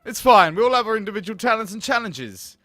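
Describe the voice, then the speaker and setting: A man's voice: high-pitched, lively intonation, fast, sharp tone, no echo, soft background music. A man voicing a dramatic young female student who speaks in a theatrical, formal way while reading game dialogue aloud.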